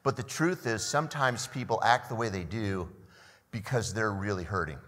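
A man's voice: lowish voice, moderate pace, fairly bright tone, big-room sound. An older man preaching a sermon as a pastor, often repeating the first words of a phrase and asking the listeners questions.

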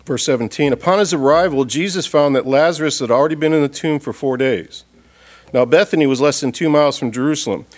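A man with a somewhat high voice gives a funeral sermon in a church, earnest and expressive. He moves between raised, pleading appeals and soft, hushed stretches. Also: fast. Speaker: pastor.

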